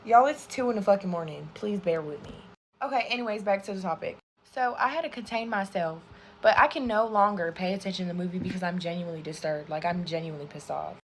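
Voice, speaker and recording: Woman, storytime vlog, profane and animated, talks straight to viewers. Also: on the low side, fast talker, a little hiss or hum. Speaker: content creator.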